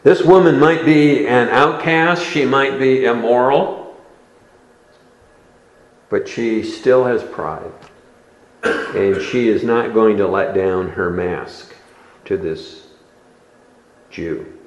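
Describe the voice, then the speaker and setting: A man preaching a sermon in a slow, deliberate expository style, recorded in a church sanctuary. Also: mid-range voice, roomy sound, rough recording.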